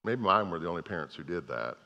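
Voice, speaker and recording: A man's voice: low voice, lively intonation, quick pace, pushed and bright, in a large hall. An older man preaching a sermon, telling a parable as a story and often restarting his phrases. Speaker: pastor.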